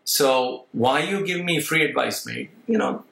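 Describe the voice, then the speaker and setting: A man's voice: medium pitch, unhurried, gravelly, fairly bright tone. A middle-aged man speaking bluntly and emphatically straight to his viewers, often repeating himself. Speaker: vlogger. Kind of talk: candid monologue to viewers. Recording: roomy echo.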